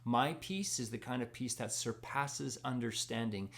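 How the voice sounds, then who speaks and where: A man's voice: medium pitch, moderate pace, vocal fry, fairly bright tone. A young man sharing a personal faith testimony in a casual storytelling way, acting out the dialogue and laughing at himself. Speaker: Christian speaker sharing testimony.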